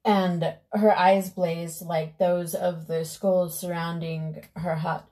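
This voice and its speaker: A woman vlogger telling a fairy tale casually while doing her makeup, with loose, unhurried asides. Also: lowish voice, level tone, mellow. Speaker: beauty vlogger.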